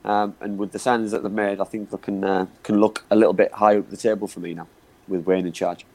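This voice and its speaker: Fast-talking low-voiced male football pundit. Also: little pitch movement, darkish tone, poor audio. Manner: rapid, repeats words, says "you know what I mean". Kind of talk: live football podcast chat.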